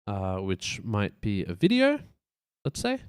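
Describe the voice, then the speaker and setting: A lowish, clear, resonant voice with huge pitch swings moves at a slow pace in this studio-quality, echo-free live stream. The man casually talks through a website layout as he works, rambling loosely, thinking aloud, and adding playful beeps.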